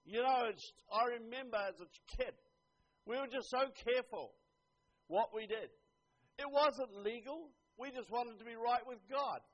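An older man preaching a sermon, earnest, dropping to a hush and then rising to emphatic lines. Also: very high voice, a little slow. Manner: earnest, swings from hushed to emphatic. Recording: dull lo-fi recording.

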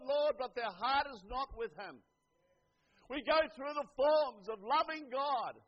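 An older man preaching a sermon, earnest, dropping to a hush and then rising to emphatic lines. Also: extremely high pitch, moderate pace. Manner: earnest, swings from hushed to emphatic. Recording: dull lo-fi recording.

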